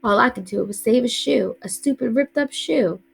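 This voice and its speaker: A woman's voice: fairly high pitch, normal speed, gravelly, breathy edge, pitched above the performer's own voice, full character voice, poor audio. A woman reading aloud voices an anxious young boy who pleads and protests in distress. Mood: distraught. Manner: pleading, upset.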